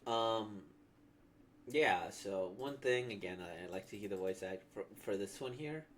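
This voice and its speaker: A man's voice: on the low side, lively intonation, a little slow, slight background noise. A man reacting to a comic he has just read, talking casually in a rambling way full of fillers. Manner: rambling, filler-heavy talk. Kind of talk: casual commentary.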